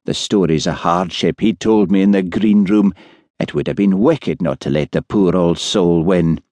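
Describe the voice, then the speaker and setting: A man voicing an earnest, soft-hearted young police constable who talks anxiously. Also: deep voice, normal speed, no echo.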